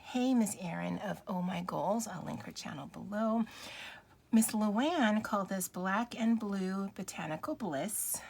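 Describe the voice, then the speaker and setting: A chatty woman talking straight to her viewers about her planner. She laughs easily and pokes fun at herself, in an easygoing, conversational way. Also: mid-range voice. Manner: chatty, giggly, self-deprecating. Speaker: planner vlogger. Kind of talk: casual chat to camera.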